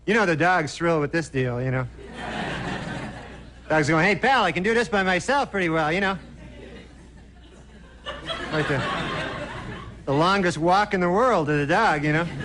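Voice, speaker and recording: A man with a rather high voice delivers a stand-up routine in a deadpan, rambling way, leaning on "you know" as he goes. The sound is an old TV broadcast with clear noise under it. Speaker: stand-up comedian. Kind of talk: stand-up monologue. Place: late-night TV studio stage. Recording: noisy 1990 TV broadcast audio.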